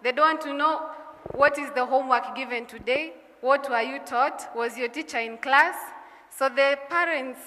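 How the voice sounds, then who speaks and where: A Kenyan woman administrator addresses a public meeting and slips Swahili phrases into her speech. Her voice is bright and somewhat high. The hall adds a long reverb. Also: moderate pace. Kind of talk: official address.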